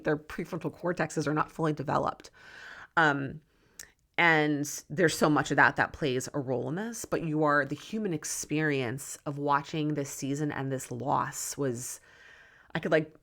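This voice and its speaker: A woman's voice: low-pitched, fairly bright tone. A middle-aged woman hosting a solo podcast as a weight loss coach, talking earnestly and rambling, often checking in with "right?". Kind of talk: casual solo podcast monologue.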